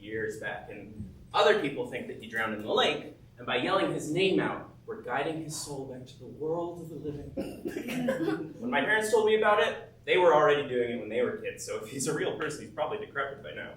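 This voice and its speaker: An actor playing a skeptical, good-natured young man camper in a stage play, dismissive and quick to laugh, sometimes stammering. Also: medium pitch, very animated, fairly bright tone, slight background noise. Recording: roomy stage sound from a distant mic.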